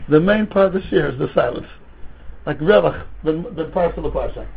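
A man, a rabbi teaching a Talmud class, lecturing with rhetorical questions and stories in an animated way, mixing Hebrew and Yiddish terms into his English. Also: fairly high pitch, brisk, creaky, husky. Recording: tinny phone-like recording.

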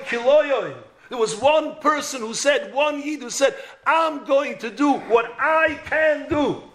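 A man's voice: extremely high pitch, bright, forceful tone. A man giving an impassioned sermon as a rabbi, building to emphatic peaks. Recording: roomy echo.

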